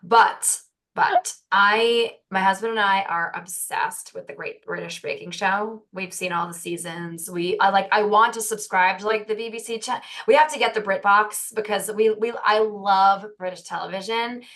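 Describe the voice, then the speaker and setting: A woman's voice: medium pitch, steady tone, normal speed, a bit bright. An American woman co-hosting a podcast, rambling and gushing, often correcting herself mid-sentence. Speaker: podcast co-host. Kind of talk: casual interview chat.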